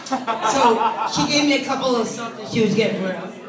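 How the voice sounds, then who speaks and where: Brisk and lively in intonation, her on-the-high-side voice reaches a phone recording from somewhere in the audience. The middle-aged stand-up mocks herself crudely on the club stage, and the echoey space fills with crowd sound and laughter.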